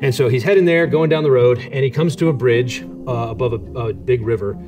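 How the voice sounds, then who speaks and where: A man hosts a relaxed conversation, speaking at a middling pitch and easing into a story. He talks casually, with loose restarts. Guitar music sits in the background. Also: brisk, muffled recording. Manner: relaxed, many fillers and restarts. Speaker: host and author.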